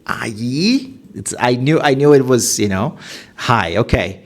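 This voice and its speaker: A man hosting his own show, casually testing himself out loud, laughing at his own mistakes, speaking into a headset. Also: mid-range voice, animated, normal speed. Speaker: podcast host practicing Mandarin. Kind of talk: casual self-recorded practice session.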